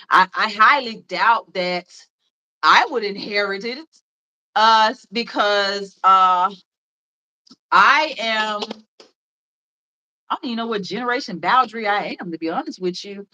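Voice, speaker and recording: Memphis lady in her 30s rambling on a live stream, lots of um and you know, bright voice. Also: medium pitch, highs cut off. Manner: rambling and chatty, with many fillers and laughs. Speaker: livestream host. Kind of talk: casual chat.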